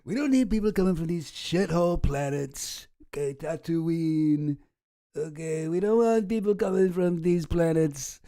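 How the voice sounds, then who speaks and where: A man putting on a blustering, bragging politician who haggles with an alien and repeats himself with mocking swagger. The voice is pitched a bit above his usual one and sounds plainly put on. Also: a little slow, dark tone. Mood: boastful.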